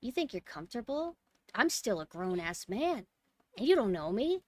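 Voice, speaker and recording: A woman's voice: a little high, very animated, normal speed, darkish tone, no echo. A woman voicing a cocky grown male government agent who talks down to a girl, in a condescending put-on manner.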